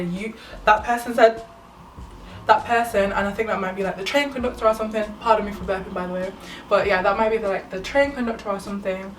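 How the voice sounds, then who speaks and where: A woman's voice: medium pitch, slight background noise. A young woman, talking to camera about spirituality in an earnest, rambling way. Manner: earnest, rambling, full of fillers. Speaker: spiritual vlogger. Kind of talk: casual spiritual talk to camera. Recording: echoey room, mic at a distance.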